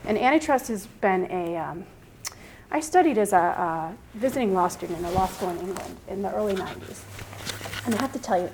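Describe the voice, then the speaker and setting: Woman in her fifties, law professor, classroom lecture, mid-pitched, questioning, restarts mid-sentence. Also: a little mellow, a little hiss or hum, rough recording.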